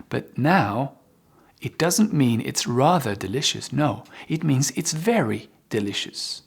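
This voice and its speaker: A man's voice: medium pitch, slow, gravelly, breathy edge. A man teaching an online English lesson, explaining patiently with many examples and often checking in with "okay?". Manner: lively, upbeat sign-off.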